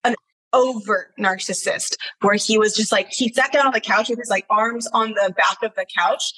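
A woman's voice: medium pitch, fairly even intonation, normal speed, fairly bright tone, poor audio. A woman speaking as a guest in a casual conversation, emphatic and blunt, swearing freely.

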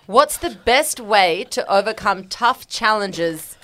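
A woman's voice: mid-range voice, lively intonation, takes it slowly, a bit bright. A woman hosting a podcast, playfully asking silly would-you-rather questions. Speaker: podcast host. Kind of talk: casual chat.

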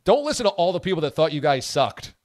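A man's voice: on the high side, big pitch swings, quick pace, darkish tone, dry recording, clean studio sound. A man hosting a sports radio show in casual, joking banter, reading out listener messages. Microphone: studio microphone.

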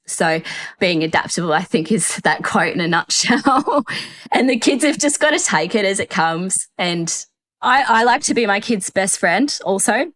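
A woman's voice: fairly low pitch, animated, normal speed, a bit bright. A woman, a mother on a parenting panel, talking in a chatty way and laughing often. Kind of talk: casual chat.

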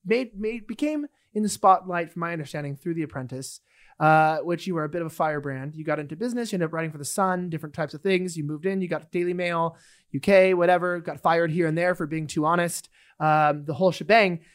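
A man's voice: on the high side, quick pace. A man hosting a casual podcast chat, rambling with lots of fillers and restarts. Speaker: podcast host.

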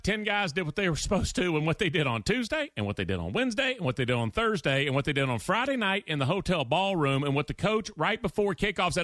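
This sports radio host's high voice moves fairly quickly with hardly any pauses, captured in clean studio sound without echo. He offers an opinionated monologue full of emphatic, animated stories and acted-out quotes.

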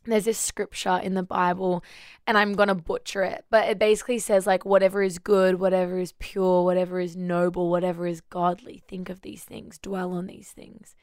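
A woman's voice: on the low side, moderate pace, no room sound. Woman, faith podcast co-host, casual chat, laughs often, dry close sound. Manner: animated storytelling, laughs often.

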